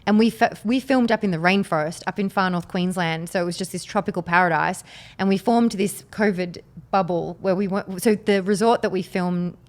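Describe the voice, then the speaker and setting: A woman's voice: mid-range voice, fairly quick. A woman with an Australian accent, chatting casually as a guest and laughing often. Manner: lively, laughs often, restarts words. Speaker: guest, actress and poker host. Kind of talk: casual chat.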